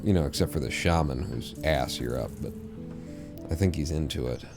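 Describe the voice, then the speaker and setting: A man with a bass voice streams a game over music, talking at normal speed. He rambles, mumbles to himself, and swears casually as he plays, in typical live-stream gameplay chatter.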